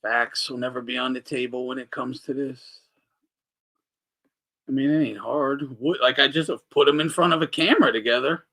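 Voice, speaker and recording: A man's voice: medium pitch, moderate pace. A man hosting a boxing talk show, giving casual, profane, mocking commentary and answering his chat. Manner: animated, swearing, mocking, reading chat aloud.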